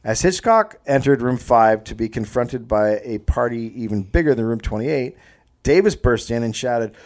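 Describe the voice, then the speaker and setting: A man's voice: medium pitch, expressive, moderate pace, a little mellow. A man hosting a comedy podcast, reading a history story aloud and breaking off to riff and joke with silly voices. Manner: reads the story then riffs with silly voices.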